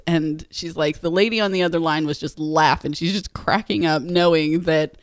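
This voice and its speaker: A woman's voice: sits low, normal speed, few pauses, dry recording, clean studio sound. A woman co-hosting a podcast, telling a story in casual chat, laughing often and acting out what people said. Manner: animated, laughing, acts out quotes. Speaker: podcast co-host.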